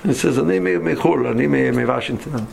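A man teaching a class, telling a story in an animated way, acting out the dialogue with many restarts. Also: mid-range voice, a little fast, vocal fry, slight background noise. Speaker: Torah teacher.

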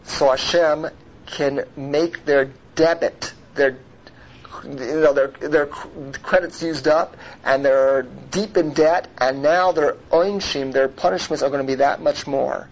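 A man's voice: a little high, fairly even intonation, a little slow. A man teaching a Torah class. He asks rhetorical questions, keeps checking in with his listeners, and mixes Hebrew terms into his English. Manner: rhetorical, checks in with "right?" and "okay?". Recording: muffled lo-fi recording with faint noise.

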